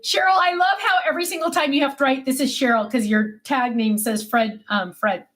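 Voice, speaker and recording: A woman with a high-pitched, brisk, fairly bright voice hosts a casual livestream from her home desk. She chats about herself and answers viewer comments in a self-mocking, chatty manner.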